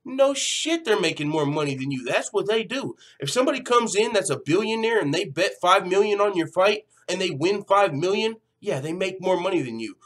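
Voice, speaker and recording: Man, slightly high voice, casual vlog commentary, animated, profane. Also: brisk, few pauses. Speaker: MMA news channel host.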